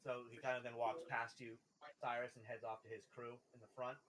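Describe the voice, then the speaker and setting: A man's voice: mid-range voice, little pitch movement, fairly quick, noisy background. A man narrating a tabletop game as game master in a loose, casual way, often laughing.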